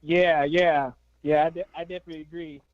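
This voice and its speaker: Dzwoniący mężczyzna o wysokim głosie, pełno „like” i zacięć, głuchy dźwięk połączenia. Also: male voice, on the high side, flat delivery, brisk, no echo. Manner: stammering, many fillers. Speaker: caller. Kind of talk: casual sports chat. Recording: dull call-in audio.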